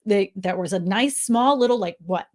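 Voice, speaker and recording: A woman's voice: mid-range voice, moderate pace, a little mellow. A woman on a video call, talking passionately and ranting about housing, with frequent laughs. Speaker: real estate agent panelist. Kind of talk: casual panel chat.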